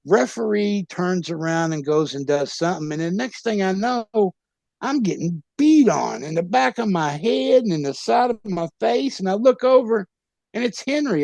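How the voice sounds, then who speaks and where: Gravelly man telling rowdy wrestling stories. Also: sits high, expressive, normal speed, darkish tone, no echo. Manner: rowdy, profane storyteller who laughs at his own pranks. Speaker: guest, former pro wrestler. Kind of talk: casual storytelling interview.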